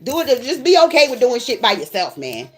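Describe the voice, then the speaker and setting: A tarot reader with a high voice lectures her viewers in a loose, profane rant. She scolds bluntly and cusses without pause. A faint noise runs under the recording. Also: huge pitch swings, a bit bright.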